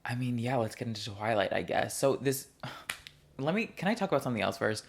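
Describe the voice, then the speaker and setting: Gravelly-voiced man rambling on a solo podcast. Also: medium pitch, expressive, fast. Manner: rambling, chatty, easily sidetracked. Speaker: podcast host. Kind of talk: casual solo podcast chat. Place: living room couch at home.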